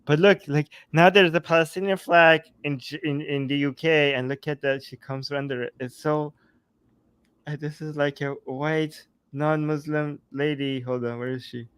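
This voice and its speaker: A man's voice: on the high side, fairly even intonation, normal speed, fairly bright tone, smooth, no room sound. A man co-hosting a casual talk show, mocking and giggly, rambling with many fillers. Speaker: co-host. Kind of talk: casual chat.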